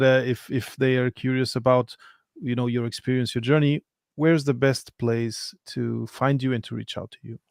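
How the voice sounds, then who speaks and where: A man's voice: medium pitch, clear, resonant tone, dry recording. Hesitant male podcast host, dry sound. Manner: measured, hesitant with "uh" pauses. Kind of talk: interview hosting.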